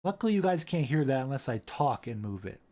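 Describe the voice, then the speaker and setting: A man hosting a casual live stream, rambling, repeating himself and reading chat aloud into a boom-arm desk mic. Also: very animated, fast talker, a little mellow, slight background noise.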